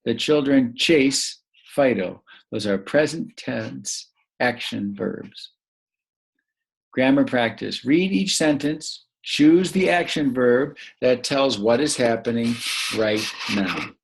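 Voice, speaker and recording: Slow gravelly man teaching grammar. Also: medium pitch, expressive. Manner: slow, patient, prompting pauses and answers. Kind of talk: recorded grammar lesson for young children.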